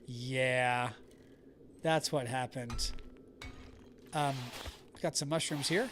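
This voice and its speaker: A man's voice: medium pitch, extremely slow, fairly bright tone, slight background noise. A man from the American South chatting casually with viewers while playing a survival game live, talking with a neutral accent. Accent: neutral American, Southern only when angry. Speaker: streamer. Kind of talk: live gameplay chat.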